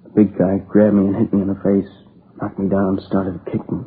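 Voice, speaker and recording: A man's voice: low voice, flat delivery, lightly acted. A man playing a shaken young survivor. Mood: grief-stricken. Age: young adult. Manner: halting, broken restarts, near tears. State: exhausted. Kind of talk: 1950s radio crime drama. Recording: tinny lo-fi old broadcast with hiss.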